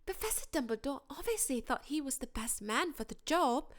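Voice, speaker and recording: Woman doing a prim brainy teen girl, highish voice, storybook. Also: sing-song, normal speed. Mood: earnest. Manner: prim, voice higher than usual. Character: earnest clever teenage witch girl.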